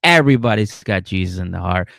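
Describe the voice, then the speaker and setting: A man voicing an excitable, preachy middle-aged father, loud and swearing. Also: deep voice, quick pace, creaky, dry recording, clean studio sound, heavily acted.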